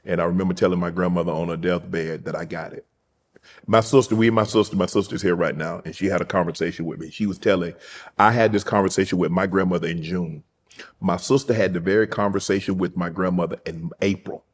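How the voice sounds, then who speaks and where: A man hosting a casual talk show, telling a family story, his voice dropping quiet at times. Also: sits low, steady tone, quick pace. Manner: soft, storytelling, drops quiet when emotional. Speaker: host. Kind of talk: casual interview chat.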